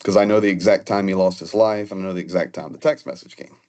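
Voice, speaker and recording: Earnest, halting low-voiced man. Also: steady tone, warm tone, lo-fi sound. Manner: earnest, halting with frequent restarts. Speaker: guest telling personal stories. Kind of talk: casual conversational storytelling.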